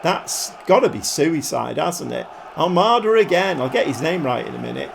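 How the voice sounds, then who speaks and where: Excitable man commentating football. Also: a little high, moderate pace, vocal fry, background noise. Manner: commentates like a football pundit, with sudden excited outbursts. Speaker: gaming YouTuber.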